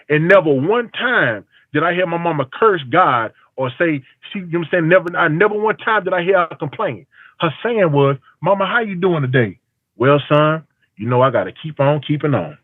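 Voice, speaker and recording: A man's voice: on the high side, lively intonation, moderate pace, no echo. A barber telling stories on a call, quoting his own conversations, with an emphatic delivery. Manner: storytelling with quoted dialogue, emphatic. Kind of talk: call-in testimony. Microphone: phone call. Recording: tinny phone line, dry.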